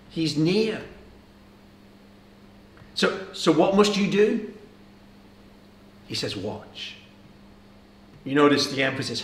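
A man preaching a sermon with earnest urgency, posing rhetorical questions to his listeners. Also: a little high. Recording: echoey room.

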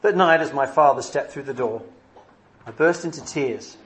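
A man preaching a sermon in an earnest way, alternating brisk stretches with slow, emphatic phrases. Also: mid-range voice.

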